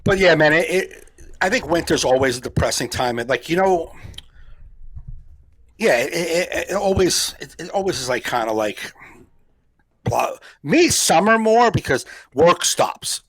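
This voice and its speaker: A man's voice: a little high, expressive, unhurried, fairly bright tone, dry recording. Jersey-accented male comedian co-host, dry close sound, playful riffing, frequent laughs. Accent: New Jersey. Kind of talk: casual chat.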